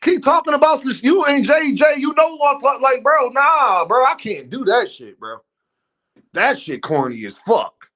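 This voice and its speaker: Man, high-pitched, livestream host, blunt profane rant, talks to chat. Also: big pitch swings, moderate pace, a bit bright, muffled recording. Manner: talks straight to his chat.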